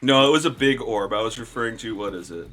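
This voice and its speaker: A man's voice: mid-range voice, fast, fairly bright tone, soft background music. A man narrating a tabletop game as game master, in a casual, meandering way.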